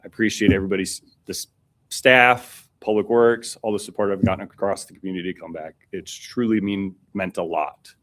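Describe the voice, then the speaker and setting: A former city worker thanking the council at public comment, earnest and a little choked up, in a council chamber. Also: male voice, deep voice, fairly even intonation, fairly quick, fairly bright tone. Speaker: former public works supervisor speaking at public comment.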